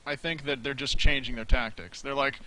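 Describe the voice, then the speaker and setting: A man's voice: medium pitch, fairly even intonation, pushed and bright, poor audio. A man in casual chat who laughs, swears and chimes in. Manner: laughing, swearing, quick to agree.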